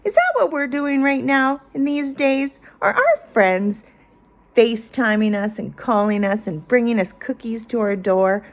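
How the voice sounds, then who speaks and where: Woman teacher, children's read-aloud; slow, animated, invites joining in. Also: a little high. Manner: expressive, invites children to join in. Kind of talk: reading a picture book aloud to children.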